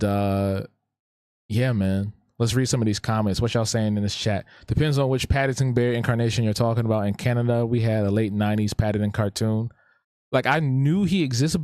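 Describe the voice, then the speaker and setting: A man's voice: on the low side, a little mellow, no echo, studio quality. A man hosting a live drawing stream, chatting casually in a laid-back, slangy way and often repeating his phrases. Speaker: live-stream host and artist.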